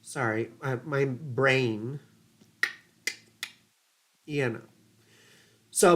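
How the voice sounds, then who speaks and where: A woman's voice: low-pitched, a bit bright. A woman astrologer giving casual livestream chart readings, rambling and chatty with laughing asides and casual swearing.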